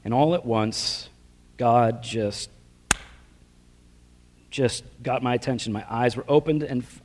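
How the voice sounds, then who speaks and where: A man preaching his personal testimony in a casual, self-deprecating storytelling way, full of slang fillers. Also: fairly high pitch. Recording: long reverb of a large hall.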